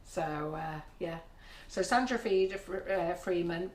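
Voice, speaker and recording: A woman's voice: fairly low pitch, slow, hardly any pauses. A woman in her sixties hosting a baking live stream from a kitchen, chatting in a rambling way and often laughing. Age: 60s. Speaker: baking show host. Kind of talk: casual live-stream chat.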